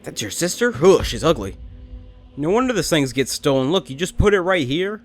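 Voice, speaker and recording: A man's voice: fairly high pitch, very animated, moderate pace, soft background music. A young adult man hosting a let's play, rambling and making sarcastic jokes at the game characters. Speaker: gaming channel host.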